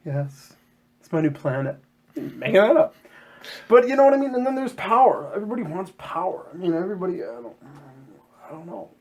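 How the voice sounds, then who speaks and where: A man chatting casually on a podcast about scripture, his fairly high voice swooping up and down as he jokes. He keeps slipping into quick silly voices to act out what people say. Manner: animated, jokey, acts out quotes in silly voices. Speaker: podcast co-host.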